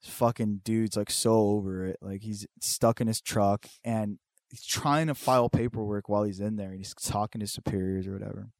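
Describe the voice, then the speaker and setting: A young man telling a story in casual chat, swearing a lot and acting out quotes with big jumps in pitch. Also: fairly even intonation, normal speed, gravelly, a little mellow, no room sound.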